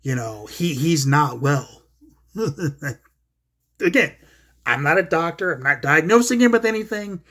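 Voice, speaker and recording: A man's voice: on the high side, animated, slow, long pauses, a bit bright. A man hosting his own commentary video, retelling an online argument in a blunt, profane, casual rant full of quoted back-and-forth. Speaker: solo commentary host.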